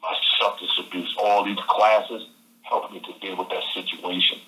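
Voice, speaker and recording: A man telling a story as an interview guest over the phone, animated and repeating phrases. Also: low voice, normal speed. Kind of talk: casual storytelling. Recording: phone line.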